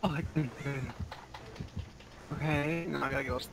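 A man chatting casually while playing a multiplayer game, excitable and quick to laugh, yelping at surprises. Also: gravelly, noisy background. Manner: excitable, laughing, yelps in high bursts. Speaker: gamer.

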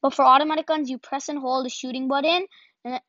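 A woman giving casual gameplay commentary as a channel host, excitable and self-deprecating, yelping and repeating words in bursts. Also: sits high, fast, dry recording. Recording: dull lo-fi home recording.

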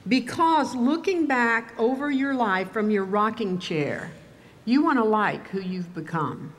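An older woman from Texas giving a commencement speech, telling stories in a measured, wry way. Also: medium pitch. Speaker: commencement speaker. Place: ceremony venue with audience.

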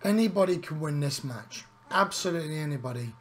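Male co-commentator, high voice, opinionated and emphatic, casual color commentary. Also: animated, fairly quick.

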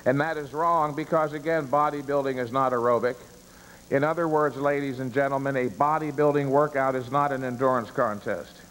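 A man's voice: medium pitch, fairly even intonation, fairly quick, fairly bright tone, a little hiss or hum. A man giving a live seminar lecture, emphatic, stressing key words and answering his own rhetorical questions. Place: seminar room with an audience. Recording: reverberant room, long echo.

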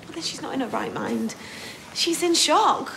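An actress playing a protective, insistent friend in a TV soap drama. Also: female voice, high voice, expressive, normal speed, gravelly, fairly bright tone, a little hiss or hum, heavily acted. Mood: worried.

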